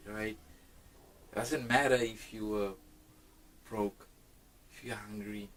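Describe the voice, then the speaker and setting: A man from South Africa, a hip-hop artist, talking in a casual interview with a reflective, halting manner full of restarts. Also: fairly low pitch, little pitch movement, a bit bright, rough recording.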